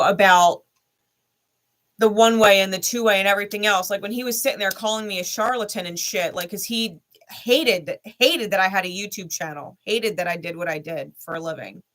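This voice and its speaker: Woman vlogger, bright tone, blunt and profane, emphatic personal storytelling. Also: medium pitch. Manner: heated, intense retelling. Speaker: spiritual content creator.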